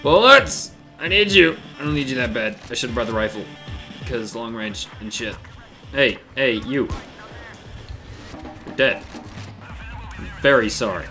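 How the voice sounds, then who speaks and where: Man, gameplay commentary, bright sharp tone, lively swooping pitch, loud outbursts and swearing, unhurried between yells, faint game music behind. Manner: excitable, shouts and swears at the game, sarcastic jokes. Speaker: let's play gamer.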